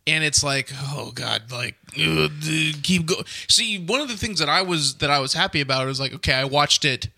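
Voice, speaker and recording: A man with a piercingly bright, slightly high voice talks emphatically on a casual podcast. He tells his stories with energy. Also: animated, moderate pace, gravelly, few pauses. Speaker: podcast co-host.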